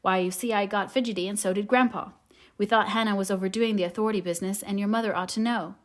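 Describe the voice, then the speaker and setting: A woman reading the part of a kind, boyish teenage boy in an audiobook, in her own voice, earnest and quick when excited. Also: medium pitch, natural voice. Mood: eager.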